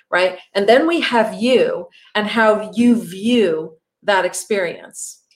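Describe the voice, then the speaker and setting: Middle-aged woman as a chatty acting coach leading a group session. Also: mid-range voice. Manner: conversational, peppered with "you know" and "right?".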